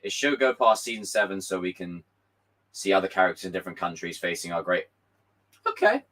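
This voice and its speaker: A young man hosts a casual live stream, reading viewer messages in a hoarse, worn voice. His pitch swings widely as he gets excited, and he swears freely and sometimes breaks into shouts. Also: brisk, poor audio. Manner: animated, swearing, bursts into shouts.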